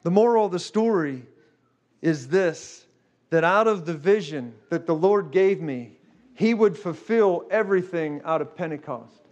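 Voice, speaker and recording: A man preaching a sermon, telling a story in a lively way and often stopping to ask "okay?" and "guess what". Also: a little high, unhurried.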